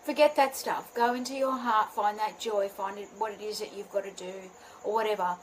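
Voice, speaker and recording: In a live video chat, a woman who mentors people in spiritual healing talks bubblily to viewers and frequently laughs at herself. She speaks briskly in a medium-pitched, steady voice, over poor audio with slight background noise.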